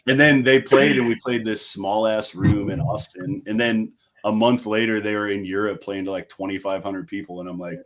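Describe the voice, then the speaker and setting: A man's voice: fairly low pitch, steady tone, normal speed, few pauses, fairly bright tone. A young man from the United States, a metal band frontman, telling stories in a casual, laid-back way, swearing freely and acting out what others said. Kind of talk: casual storytelling chat.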